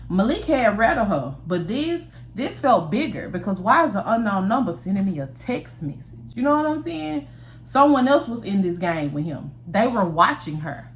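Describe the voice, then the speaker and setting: Talking straight to the camera, a woman storyteller delivers a casual, chatty storytime and swears freely with her viewers. Her medium-pitched voice is a bit bright, captured on a camera mic with a little hiss or hum.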